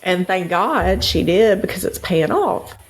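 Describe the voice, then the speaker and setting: A woman's voice: on the low side, lively intonation, measured pace, slight background noise, rough recording. A middle-aged woman co-hosting a podcast, speaking in an earnest, heartfelt and reflective way in casual conversation. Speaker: podcast co-host. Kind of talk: casual chat.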